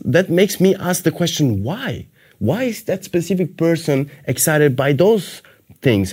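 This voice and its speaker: A man's voice: on the high side, a little mellow. A man giving a motivational course talk, repeating and building his phrases with emphasis. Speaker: course teacher.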